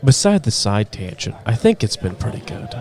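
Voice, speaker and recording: A man's voice: on the low side, very animated, normal speed, a little mellow. A man co-hosting a casual group podcast, teasing the others in a playful emcee manner. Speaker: podcast co-host.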